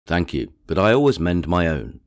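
A proud, reserved gentleman, read by a man in an audiobook, answering in dry, measured, exact phrases. His voice is very deep and low. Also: sing-song. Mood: cool. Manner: dry, measured, coolly precise.

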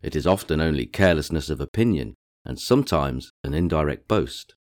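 A proud, reserved gentleman, read by a man in an audiobook, answering in dry, measured, exact phrases. His voice is very deep and low. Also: lively intonation. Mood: cool. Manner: dry, measured, coolly precise.

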